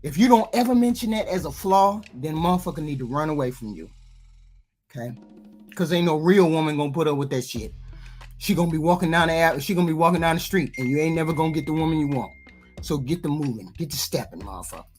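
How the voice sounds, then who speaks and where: A woman's voice: deep voice, quick pace, a little mellow, faint music behind. A woman giving blunt, profane reaction commentary on dating, lecturing her audience. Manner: blunt, lecturing, heavy swearing.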